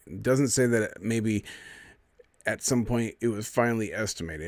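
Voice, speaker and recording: A man's voice: mid-range voice, normal speed, no room sound. A man hosting a live stream, reading out a news fact check and arguing with it in an indignant, sarcastic running commentary.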